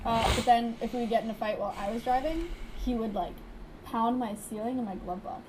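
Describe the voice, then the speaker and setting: A woman tells a personal story quickly in casual talk. She rambles and fills her sentences with "like." Clear background noise sits under her voice. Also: fairly high pitch. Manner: rambling, frequent "like" fillers.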